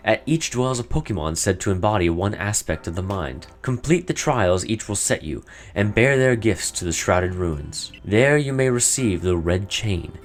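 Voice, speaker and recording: Reading lines from a game, a man voices a solemn, cryptic old woman who guards ancient legends, speaking formally as though duty-bound to pass on old words. His low voice rises and falls with lively inflection. The delivery is natural, at normal speed, with hardly any pauses.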